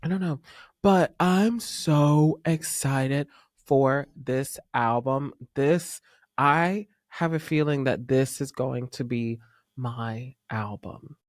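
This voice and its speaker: A man hosting a casual pop music podcast, talking in an excitable, gushing fan manner with sudden whispers. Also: mid-range voice, takes it slowly, no room sound, studio quality. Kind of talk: casual chat.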